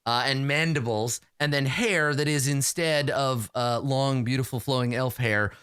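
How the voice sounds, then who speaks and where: A man narrating a tabletop game as game master, halting with many fillers. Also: medium pitch, clear, resonant tone, no echo, clean studio sound. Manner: lively, halting narration full of fillers, slips into character voices.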